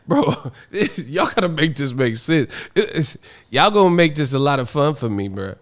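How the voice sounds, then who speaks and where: A man's voice: fairly high pitch, very animated, moderate pace. A man hosting a boxing livestream, ranting casually in an exasperated, slangy way and laughing often. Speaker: boxing stream host.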